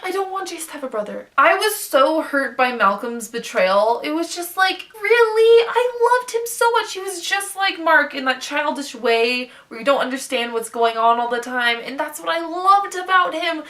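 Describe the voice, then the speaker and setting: A young woman rambles through a casual book review at home, gushing and excitable from one point to the next. Her voice is bright and forward, sitting a little high. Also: moderate pace, few pauses. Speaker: book vlogger.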